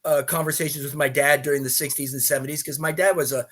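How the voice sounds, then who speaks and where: Middle-aged man with a fairly high voice, lively and digressive. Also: quick pace. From Canada. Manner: lively, with many restarts and asides. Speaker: podcast guest. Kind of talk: animated storytelling in a podcast interview.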